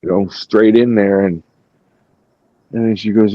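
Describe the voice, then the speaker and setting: A podcast host with a very low voice tells a story in lively casual chat and swears freely. The sound is dry and slightly dull. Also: male voice, moderate pace, no room sound. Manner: animated storytelling, acting out quotes, frequent swearing.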